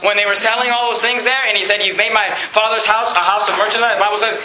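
A man preaching a sermon in a folksy style. He reads scripture slowly and builds up to loud, emphatic peaks. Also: sits high, fairly even intonation, a little hiss or hum. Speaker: pastor. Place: church sanctuary. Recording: echoey church room.

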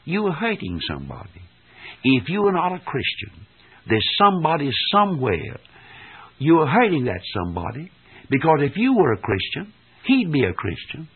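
A man preaching a fervent revival sermon, exhorting his listeners, swelling loud and dropping soft. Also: fairly low pitch, vocal fry, slightly rough. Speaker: evangelist preacher. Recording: tinny old archive sermon recording.

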